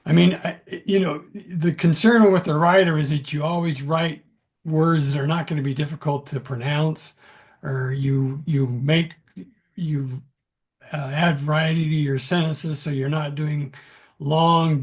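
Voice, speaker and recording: A man, an author hosting a casual interview, asking rambling, drawn-out questions. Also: fairly high pitch, fairly even intonation, breathy edge. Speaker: author and host.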